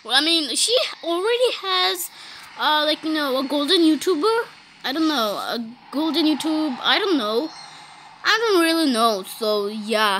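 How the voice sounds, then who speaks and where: A woman doing casual gameplay commentary, giggly and excitable, saying "beep" to bleep herself out. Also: high-pitched, unhurried, background noise. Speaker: gaming YouTuber.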